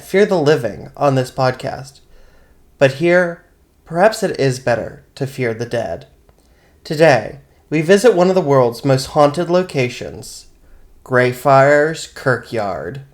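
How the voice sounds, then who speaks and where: A man co-hosts a podcast, half reading a spooky history and half chatting around it. His voice sits at a plain middle pitch, and he breaks into casual asides as he goes. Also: animated, slow. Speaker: podcast co-host and storyteller. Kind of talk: casual chat and read narration.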